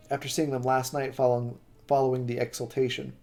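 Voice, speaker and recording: A man's voice: medium pitch, fairly quick, few pauses, soft background music. Man reading a novel aloud on stream. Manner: steady reading with occasional slips and self-corrections.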